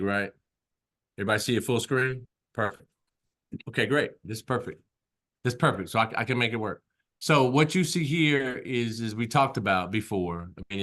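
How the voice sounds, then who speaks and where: A man's voice: mid-range voice, fairly bright tone. A man teaching an online class in a conversational way, repeating himself and often checking in with "right?". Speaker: instructor.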